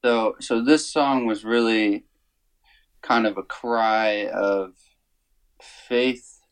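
A man speaking as an interview guest, telling a personal story slowly and earnestly, with many pauses and fillers. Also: fairly low pitch, steady tone, smooth, low-quality recording. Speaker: worship songwriter guest.

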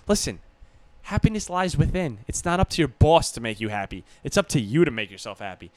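A man's voice: medium pitch, sing-song, fairly quick, dry recording. A man co-hosting a podcast in casual chat, joking and profane, sometimes slipping into mock motivational speeches. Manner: joking, profane, swings into mock pep talks. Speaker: podcast co-host.

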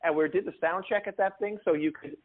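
A man's voice: high voice, fast talker. Man from Newfoundland telling stories, phone-like audio. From Newfoundland, Canada. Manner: animated anecdote teller who acts out quotes. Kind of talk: casual storytelling chat.

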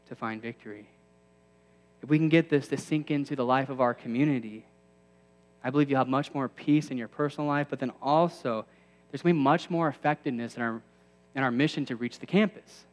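A man's voice: mid-range voice, in a large hall. A man in his thirties preaching a sermon to a campus ministry, conversational with self-deprecating asides that build to emphatic peaks.

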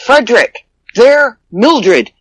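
A woman's voice: a little high, lively intonation, takes it slowly, no room sound, low-quality recording. A woman co-hosting a podcast in a casual, blunt and joking way, swearing freely. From Canada. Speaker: podcast co-host.

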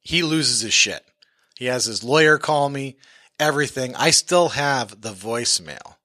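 A man's voice: mid-range voice, expressive, unhurried, pushed and bright, no room sound, studio quality. A man who invests in real estate tells a story from his own deals on a podcast, bluntly and full of profanity.

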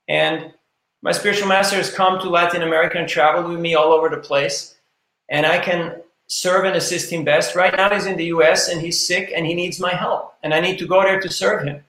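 A man's voice: sits high, creaky, a bit bright. A man who is a guest on a podcast, telling earnest anecdotes and often repeating himself. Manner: anecdotal, earnest, frequent repetitions. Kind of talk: storytelling interview talk. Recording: echoey room.

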